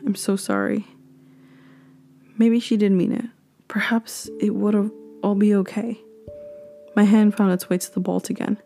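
A woman reading a horror story aloud, slow and hushed, sometimes dropping to a whisper. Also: mid-range voice, steady tone, vocal fry, faint music behind.

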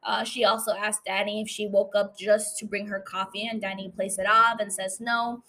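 A woman with a bright, forceful voice talks through an episode recap in a loose, chatty way. She laughs often and leans on fillers as she tells the story. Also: mid-range voice, little pitch movement, normal speed, a little hiss or hum. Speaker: podcast host recapping a series.

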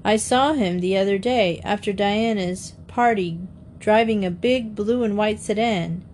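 A woman voicing a friendly, relaxed young man who jokes with children and gives warnings. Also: medium pitch, measured pace, a little hiss or hum, close to an everyday voice. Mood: easygoing. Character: young man Tom, easygoing and kind driver.

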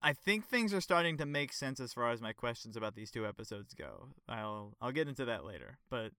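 A man's voice: medium pitch, very animated, fairly quick, pushed and bright, clean tone. A man co-hosting a podcast, chatting in an upbeat, enthusiastic way and laughing easily. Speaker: podcast co-host. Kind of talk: casual podcast review chat.

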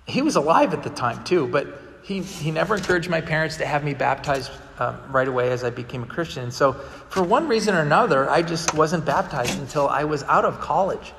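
A man's voice: a little high, animated, a little fast, creaky, a bit bright, in a large hall, a little hiss or hum. A male pastor delivering a sermon in a conversational storytelling manner, acting out the people he quotes. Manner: conversational storytelling, vividly acts out quoted dialogue.

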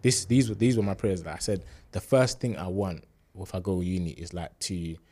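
Husky low-voiced young man. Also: normal speed. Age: 20s. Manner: relaxed street slang, lots of fillers, animated when retelling. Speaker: university student sharing a testimony. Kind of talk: casual storytelling chat.

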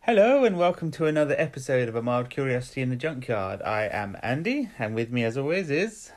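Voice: mid-range voice, sing-song, a little fast. A podcast co-host chatting casually while recapping an episode, rambling and correcting himself, laughing often and coughing now and then.

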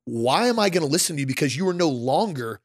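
A man's voice: a little high, big pitch swings, fast talker, breathy edge, no room sound, clean studio sound. A man in casual conversation who tells stories with energy and acts out the people he quotes.

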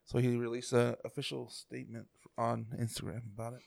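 A man's voice: medium pitch, little pitch movement, a little fast, gravelly, a little mellow. A man on a casual podcast bringing up the topics, hesitant with many uhs. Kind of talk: casual chat.

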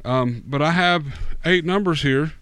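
A man co-hosting a casual podcast, relaxed and teasing. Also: a little high, unhurried, clear, resonant tone, no echo. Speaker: co-host.

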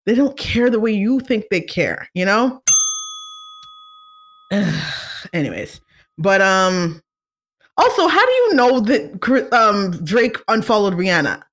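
A woman hosting a casual talk show, chatting in an animated, opinionated way with many fillers and asides. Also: medium pitch. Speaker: podcast host. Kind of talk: casual chat.

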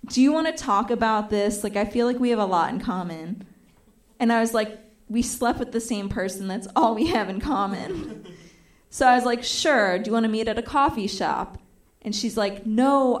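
Animated woman doing stand-up. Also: a little high. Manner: animated, acts out quoted voices. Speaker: stand-up comedian. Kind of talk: stand-up storytelling. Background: audience laughter.

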